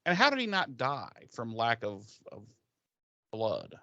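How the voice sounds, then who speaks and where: A man rambling through a casual podcast conversation, cracking jokes as he goes. His voice sits at an ordinary pitch, recorded close and dry with a slightly dull, muffled top end. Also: wildly swooping pitch, unhurried, sharp tone, no room sound. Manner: rambling, joking, slips into mock voices. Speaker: podcast co-host. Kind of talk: casual chat.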